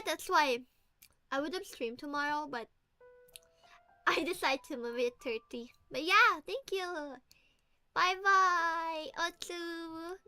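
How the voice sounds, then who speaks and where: Woman, streamer, hoarse, giggly, swears a lot, unhurried casual chat. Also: extremely high pitch, bright, forceful tone, soft background music. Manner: giggly, swears often, playful mock menace.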